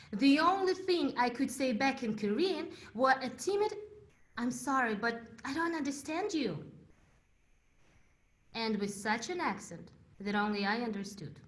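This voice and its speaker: A young woman from Uzbekistan, a native Russian speaker, giving a prepared contest speech in English and telling her story with dramatic pauses. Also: sits high, a bit bright.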